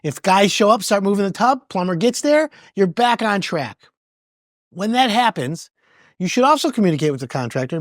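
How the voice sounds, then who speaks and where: A podcast host talks through home improvement advice in a loose, conversational way. The pitch moves widely up and down as the host acts out what homeowners and contractors say. The sound is dry, with no room echo. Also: animated, moderate pace. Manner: conversational, repeats words, acts out both sides of conversations. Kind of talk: casual advice talk.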